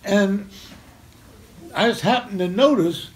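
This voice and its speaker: Older man spinning a slow story. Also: sits high, slight background noise. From Memphis, Tennessee, US. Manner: animated, chuckling storyteller who acts out scenes. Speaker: speaker telling a personal story to an audience. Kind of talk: live storytelling talk. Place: community center talk in front of an audience.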